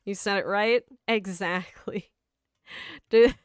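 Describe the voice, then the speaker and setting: Slow, chatty woman streamer. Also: mid-range voice, fairly even intonation, smooth, no room sound, clean studio sound. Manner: chatty and rambling, reads chat aloud, laughs often. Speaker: livestream host. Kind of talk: casual livestream chat while gaming.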